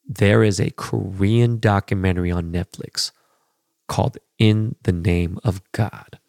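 Dude ranting on his podcast, low gravelly voice, swears a lot, dry close sound. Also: steady tone, unhurried, a little mellow, no room sound. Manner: profane, rambling, blunt opinions. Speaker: podcast host. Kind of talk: casual chat.

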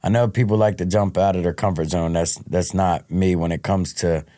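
A man's voice: deep voice, fairly even intonation, normal speed, dark tone, dry recording, clean studio sound. A man being interviewed on a podcast, telling his life story in a frank, casual way and often restarting his words. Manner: frank, repeats word starts. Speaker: podcast guest.

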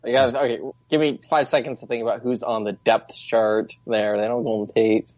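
Defensive man with quick comebacks. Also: mid-range voice, level tone, a little mellow, no room sound. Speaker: podcast co-host. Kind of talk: casual sports chat. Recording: dry, dull lo-fi sound.

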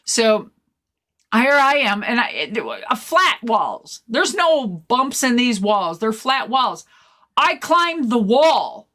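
Animated, profane woman storyteller. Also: a little high, takes it slowly. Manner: animated, profane, rambling with fillers. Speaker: guest podcast host. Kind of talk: casual storytelling chat.

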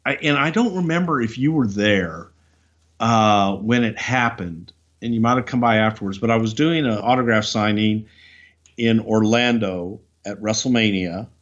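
An older man co-hosting a wrestling podcast, telling a backstage story in a halting, rambling way full of fillers and restarts. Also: fairly low pitch, fairly bright tone. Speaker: podcast co-host, former wrestling executive. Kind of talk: casual storytelling chat. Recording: slightly dull lo-fi sound.

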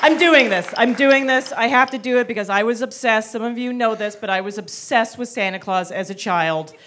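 Woman, comic live storytelling, animated, shouty acted-out moments, faint background hiss. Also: a little high, brisk, crowd noise. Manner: animated, acts out childhood scenes with shouts. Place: theater stage before a live audience.

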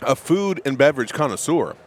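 Brief: male co-host, relaxed and joking, casual sports chat. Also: medium pitch, brisk. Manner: laid-back, joking storyteller. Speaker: podcast co-host.

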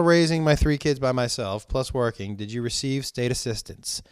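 A man's voice: mid-range voice, normal speed, hardly any pauses, clean tone, dry recording, clean studio sound. A man hosting a podcast, chatting casually through listener questions, drawing out his vowels and rambling with many restarts. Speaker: podcast host; stand-up comedian.

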